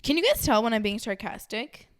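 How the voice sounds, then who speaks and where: A woman's voice: a little high, sing-song, fairly quick. A young woman vlogging to her followers in a chatty, rambling way, full of "like" and restarts. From Los Angeles area. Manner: chatty, rambling, many fillers like "like". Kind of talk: casual chat to camera.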